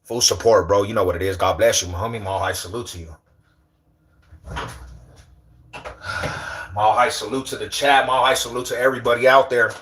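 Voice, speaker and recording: A man chats casually on his livestream. He talks in loose slang, animated and teasing as he banters with the people watching. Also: fairly low pitch, fairly quick, long pauses. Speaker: livestream host.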